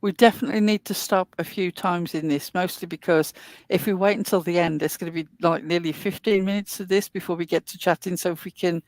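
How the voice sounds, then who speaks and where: A woman's voice: lowish voice, fairly even intonation, a little fast, few pauses, no room sound. A woman hosting a casual online talk show, chatting at length in a rambling way with plenty of fillers. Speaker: host. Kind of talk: casual podcast chat.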